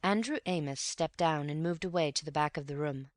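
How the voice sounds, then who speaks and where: Low-voiced woman narrating a classic. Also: no echo, clean studio sound. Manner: even, measured storytelling. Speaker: audiobook narrator. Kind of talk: scripted narration.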